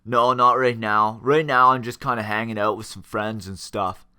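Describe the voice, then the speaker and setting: A man voicing his drunk male neighbour, a slurring braggart who talks lower and quieter than his own voice. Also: fairly even intonation, normal speed, smooth. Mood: drunk, boastful.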